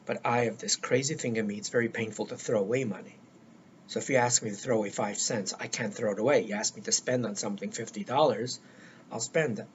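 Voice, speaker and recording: An older man with a fairly low voice speaks quickly and solo to the camera, offering earnest life-coaching advice. He's emphatic, repeating words for stress. The lo-fi recording sounds dull, with faint noise.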